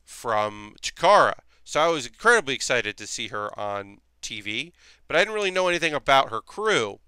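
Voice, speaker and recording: A man's voice: fairly high pitch, bright, forceful tone, clear, resonant tone, dry recording, studio quality. A man chatting casually with his live chat while building costume armor in his workshop, rambling with lots of fillers. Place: home workshop.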